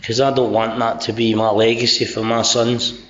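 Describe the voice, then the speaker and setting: A middle-aged man with a Scottish accent talks openly and earnestly, swearing freely and poking fun at himself. His voice sits at an ordinary pitch. The recording is a little dull and lo-fi, with a faint hiss underneath. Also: level tone, moderate pace, a bit bright. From Scotland. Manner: sweary, self-mocking, earnest. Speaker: speaker sharing recovery story at a convention. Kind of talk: candid personal share.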